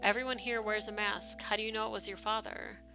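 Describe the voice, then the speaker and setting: A woman voicing a sinister masked nurse who laughs while insisting she is sad, with a gravelly, bright voice over faint music. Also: medium pitch, flat delivery, brisk. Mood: mocking. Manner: mocking, laughing while claiming sorrow.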